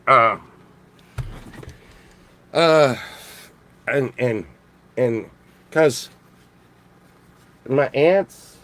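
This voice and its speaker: A man from Texas, rambling jokily in a casual monologue full of restarts and swearing. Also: medium pitch. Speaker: vlogger.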